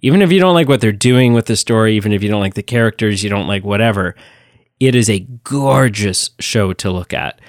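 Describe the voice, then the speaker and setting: A man co-hosting a podcast in a casual, enthusiastic chat, his voice sitting on the low side. He talks emphatically and animates his retellings. The sound is dry and close. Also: lively intonation, a little fast, dry recording. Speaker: podcast co-host.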